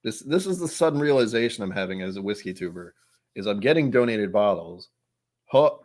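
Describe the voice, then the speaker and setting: A young man talks casually to his viewers, wandering from one thought to the next and poking fun at himself. His voice sits a little low. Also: expressive, fairly quick, darkish tone. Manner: rambling, self-mocking, reacts aloud to chat. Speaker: whiskey channel host. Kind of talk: casual livestream chat.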